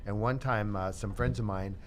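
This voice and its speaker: Low-voiced man telling chatty stories. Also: fairly even intonation, normal speed, slight background noise. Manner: chatty, self-deprecating, laughs often. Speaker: guest musician, trumpet player. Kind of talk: casual radio interview storytelling.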